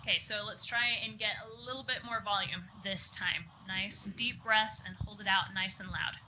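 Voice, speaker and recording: A woman speech therapist with a very bright, sharp voice coaches a group through exercises, encouraging and explaining each step. The recording is muffled and lo-fi, with a faint hiss underneath. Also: mid-range voice, fairly even intonation, normal speed. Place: group therapy session room.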